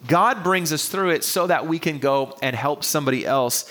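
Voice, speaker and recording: A man's voice: fairly high pitch, normal speed, sharp tone. A male pastor preaching a sermon to an online congregation, earnest and repeating key phrases for emphasis.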